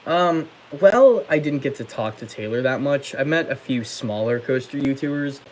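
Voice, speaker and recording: A man's voice: medium pitch, animated, normal speed, darkish tone, a little hiss or hum, rough recording. A young man hosting a casual livestream, reading out viewer comments and answering them in a chatty way. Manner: chatty, reads comments aloud and answers them, many fillers. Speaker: livestream host.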